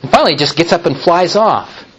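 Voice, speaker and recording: A man preaching a sermon in a slow, deliberate way, now and then turning to speak directly to the children. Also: a little high, animated, a bit bright, slightly rough, rough recording. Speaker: pastor.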